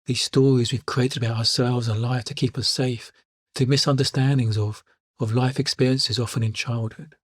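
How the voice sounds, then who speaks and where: Calm man, husky and dry. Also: mid-range voice, moderate pace, no room sound. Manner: calm storytelling, repeats key lines. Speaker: life coach. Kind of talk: reflective podcast monologue.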